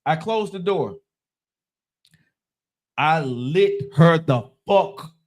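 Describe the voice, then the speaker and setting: A man in his thirties telling a profane story in a lively, dramatic way, checking in with "right?" again and again. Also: fairly high pitch, extremely slow. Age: 30s. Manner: animated, dramatic, repeats "right?". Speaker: storyteller on a live-streamed talk show.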